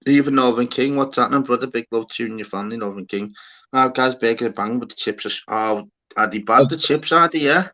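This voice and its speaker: A man hosting a livestream, telling an animated story in casual chat, swearing often and calling people lad and mate. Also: mid-range voice, quick pace. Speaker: livestream host. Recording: dull lo-fi sound.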